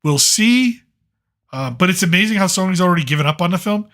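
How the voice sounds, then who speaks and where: A sarcastic man rants through casual late-night commentary with a bright, forceful voice sitting a little high for a man. He talks bluntly and rambles, dropping in curses as he goes. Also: expressive, brisk. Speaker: late-night show host.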